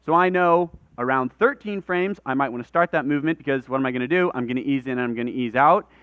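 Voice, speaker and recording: Leading a live workshop in a conference room before an audience, a man explains things conversationally and talks with his hands. His mid-range voice is smooth and fast, recorded with no room sound in narrow, tinny audio.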